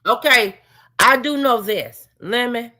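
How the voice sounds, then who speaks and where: A woman's voice: on the high side, slow, bright, forceful tone. A woman co-hosting a heated stream chat, slangy and emphatic, with slightly slurred speech.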